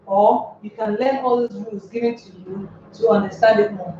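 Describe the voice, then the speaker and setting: A woman teaching an English lesson on word stress, explaining step by step and repeating words slowly. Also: medium pitch, fairly even intonation, dark tone, slight background noise. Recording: very echoey room, far from mic, dull.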